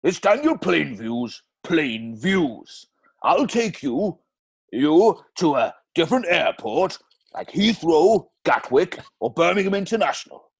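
Man putting on a Welsh-accented oil baron, spoof advert pitch, lively swings of pitch, husky edge, dry sound. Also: takes it slowly, exaggerated voice. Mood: mock salesman. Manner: drawling, breaking into laughter, shouting at the climax. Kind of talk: comedic podcast advert sketch.

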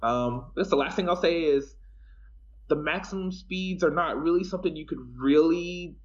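A man's voice: on the high side, moderate pace, slight background noise. A man co-hosting a podcast, explaining technology casually with lots of fillers. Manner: explains at length with many fillers. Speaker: podcast co-host. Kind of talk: casual tech chat. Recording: dull lo-fi home recording.

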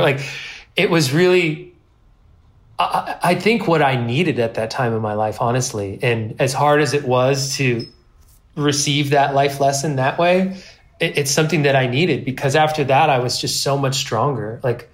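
A man in his thirties, a guest on an interview podcast, telling a personal story in a rambling, self-deprecating way with lively quoted asides. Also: medium pitch, moderate pace. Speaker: guest, pro snowboarder.

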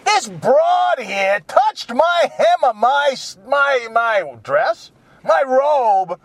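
A man voicing a bold, brash Jesus who shouts in a loud, high-pitched, confrontational way. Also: dry recording, exaggerated voice.

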